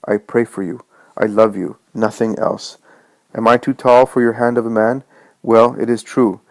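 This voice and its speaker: A man voicing Jesus as a gentle, loving savior, speaking in a solemn, tender way. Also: fairly low pitch, flat delivery, normal speed, dry recording, natural voice, rough recording.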